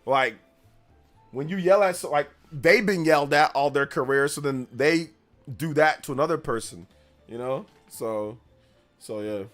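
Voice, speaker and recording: A man talks casually on a gaming livestream, rambling through stories and peppering them with slang. His voice sits a bit on the high side, and he turns loud and animated when a story heats up. Soft music plays quietly underneath. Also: unhurried. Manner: rambling storyteller, slangy, says "bro" and "like" often. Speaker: gaming news streamer.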